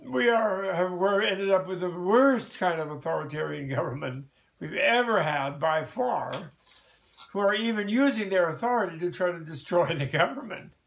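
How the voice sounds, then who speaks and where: A man's voice: high-pitched, lively intonation, normal speed, vocal fry, fairly bright tone. An older American man hosting a podcast, teaching in a casual, rambling way with frequent restarts and chuckles. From United States. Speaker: podcast host and Buddhist teacher.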